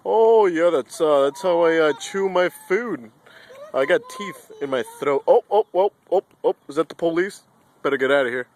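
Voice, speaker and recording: A man's voice: on the high side, animated, normal speed, darkish tone, lightly acted. A man voicing a silly talking bird that begs for french fries, recorded outdoors in a park on a handheld camera. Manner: silly, wheedling, begging. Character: greedy talking male bird begging fries. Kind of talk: playful home-video voicing.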